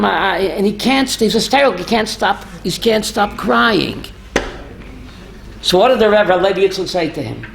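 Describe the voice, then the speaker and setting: A man, a rabbi, telling stories in a lively talk and quizzing his listeners. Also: high voice, normal speed, vocal fry, slight background noise. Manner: animated, asks the audience questions. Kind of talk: storytelling Torah talk with audience.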